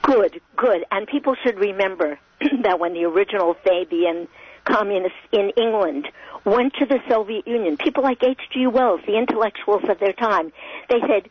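A woman's voice: medium pitch, moderate pace, husky. A woman guest giving scornful, emphatic political commentary on a talk show, over muffled radio audio.

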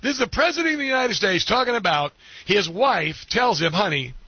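A man hosting a talk radio show, chatting in an excitable, rambling way with many fillers. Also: very high voice, a little fast, slightly rough, no room sound, dull audio. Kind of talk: casual opinionated talk radio.

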